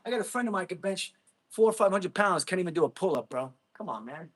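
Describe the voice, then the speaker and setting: A man's voice: high voice, animated, quick pace, a bit bright. A man hosting a casual livestream, blunt and mocking, laughing often as he reads chat. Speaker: livestream host reading chat. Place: gym.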